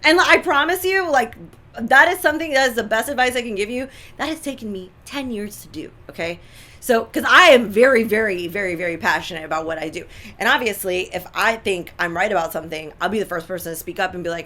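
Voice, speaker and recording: A woman with a medium-pitched voice co-hosts a health and lifestyle show, chatting quickly and casually. She is animated and emphatic, and she repeats her points.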